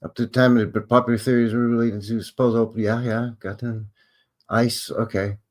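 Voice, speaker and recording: A man's voice: medium pitch, level tone, a little fast, a little mellow. A Canadian man hosting a live show, casually reading historical notes aloud and breaking off for wry, offhand asides. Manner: wry offhand asides between read-out facts.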